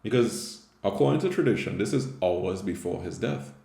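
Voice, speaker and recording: Deep, gravelly Caribbean man reflecting on scripture. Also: lively intonation, moderate pace, warm tone, reverberant. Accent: Caribbean English. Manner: conversational, with frequent "right?" tag questions. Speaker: Catholic theologian and teacher.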